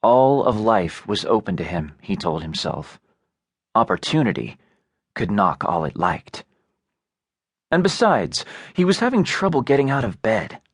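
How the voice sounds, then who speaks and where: Guy narrating an audiobook, steady and even, lowish voice, dry close studio mic. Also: a little slow, husky, dry recording. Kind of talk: scripted narration.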